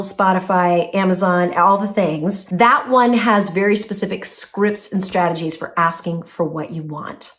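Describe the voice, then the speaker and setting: Lively, animated woman giving advice. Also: mid-range voice. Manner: animated, acts out inner voices with gasps and mock quotes; slows to a drawn-out, emphatic delivery on key words. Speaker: self-help YouTuber. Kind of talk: direct-to-camera advice vlog.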